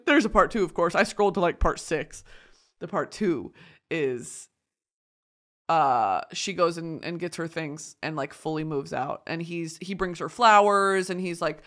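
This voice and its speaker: A woman vlogger retelling a story casually, swearing freely, laughing and shouting at times. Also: fairly low pitch, a little slow. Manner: animated, profane, breaks into laughter and shouts.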